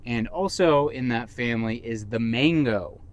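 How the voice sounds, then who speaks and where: A man from Massachusetts co-hosts a casual podcast, speaking at a medium pitch and a little slowly. He rambles and jokes in easygoing chat, breaking into mock-dramatic outbursts.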